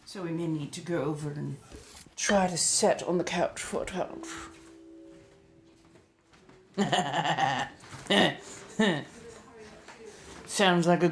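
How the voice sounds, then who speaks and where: This streamer speaks at a fairly low pitch with a slight hiss or hum in the audio. In character as a genteel vampire lady centuries old, she chats unhurriedly with her livestream audience in a 1700s colonial American accent, fond of endearments like "darling."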